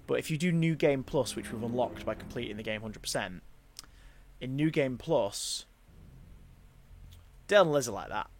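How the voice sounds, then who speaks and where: A man's voice: mid-range voice, expressive, moderate pace, long pauses, slight background noise. A man streaming a game, chatting casually and telling rambling stories while reading the chat aloud. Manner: chatty storyteller, rambling with restarts, reads out chat.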